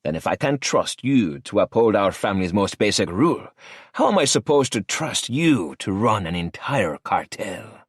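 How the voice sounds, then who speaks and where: A man's voice: fairly low pitch, big pitch swings, moderate pace, husky, no room sound, studio quality, pitched above the performer's own voice. A man doing a growling Mexican cartel boss. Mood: menacing. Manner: matter-of-fact, commanding. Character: menacing older male cartel boss, cold.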